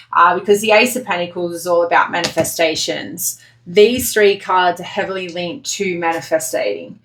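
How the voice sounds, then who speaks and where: A woman with a fairly low voice gives a casual tarot reading straight to her viewers. She talks in a blunt, chatty way and swears without a second thought. The sound bounces around an echoey room. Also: normal speed, a bit bright. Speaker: tarot reader.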